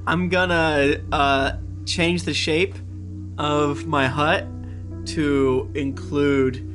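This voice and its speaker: A man's voice: a little high, little pitch movement, drawn-out words, over music. Joking man playing a tabletop game. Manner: joking and swearing, with laughs. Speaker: player. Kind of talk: casual tabletop game chat.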